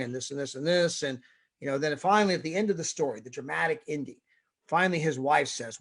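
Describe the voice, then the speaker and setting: A man's voice: a little high, quick pace, husky. A middle-aged man giving a sermon-style motivational talk on a corporate call, telling stories and asking "right?" all the time. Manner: storytelling with frequent tag questions; exhorting, rising emphasis. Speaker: motivational speaker.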